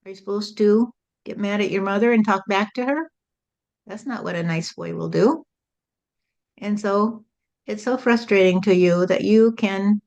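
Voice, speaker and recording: A woman medium giving calm, repetitive channeled spiritual teaching, often adding "you see". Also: mid-range voice, creaky.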